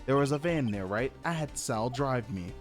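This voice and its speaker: A man's voice: mid-range voice, animated, normal speed, soft background music, close to an everyday voice. A man reading as a smug, cool woman witness. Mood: cool, dismissive. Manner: reading game text aloud, dry and dismissive.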